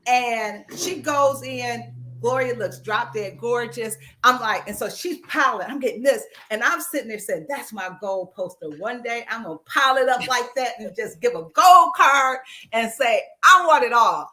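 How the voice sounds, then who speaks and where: A woman co-hosting a radio talk show, telling an animated story and acting out the quotes. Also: fairly high pitch, normal speed. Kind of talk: casual chat. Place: radio studio.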